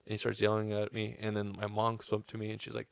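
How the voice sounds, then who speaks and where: A man's voice: on the low side, completely flat delivery, fast talker, creaky, clear, resonant tone, no echo. A young man casually telling a long story on a podcast, swearing and acting out what people said. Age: young adult. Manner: laid-back, swearing, acts out quotes.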